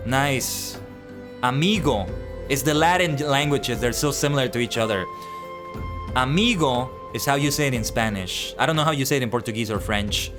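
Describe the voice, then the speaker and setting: Lively male streamer chatting over music. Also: mid-range voice. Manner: animated, reads and answers chat aloud. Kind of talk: casual chat with live viewers.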